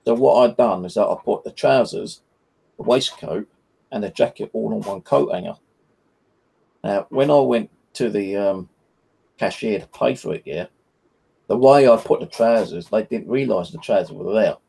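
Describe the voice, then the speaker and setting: An English man chats on a live stream, spinning a loose, meandering anecdote packed with fillers. His voice is dark and husky, with a gravelly edge. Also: lowish voice, normal speed. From England. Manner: rambling, full of "you know" and "like". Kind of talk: casual chat, storytelling.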